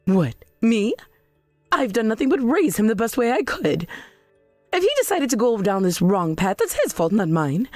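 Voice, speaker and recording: A woman's voice: a little high, very animated, moderate pace, darkish tone, no echo, faint music behind. A woman voicing an indignant, defensive middle-aged mother in a text-message story drama. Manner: indignant, demanding.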